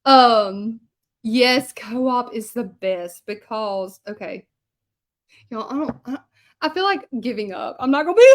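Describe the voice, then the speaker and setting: A woman's voice: fairly high pitch, measured pace, pauses often. A woman, chatting casually with viewers as she paints a sign in her craft studio. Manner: chatty, rambling, self-deprecating, answers viewer comments. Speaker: hand lettering artist and channel host. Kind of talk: casual chat while painting, talking to viewers.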